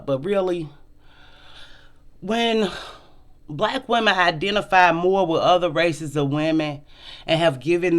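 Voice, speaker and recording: A woman hosting a casual commentary vlog, talking bluntly and profanely, and acting out quoted people with big jumps in pitch. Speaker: host.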